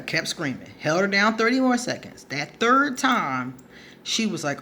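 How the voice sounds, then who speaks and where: A woman with a mid-range, very animated voice speaks a little slowly, her tone bright and forceful, over slight background noise. She's an advice vlogger answering a subscriber, telling a story in a casual monologue that's blunt and profane, and she laughs often along the way.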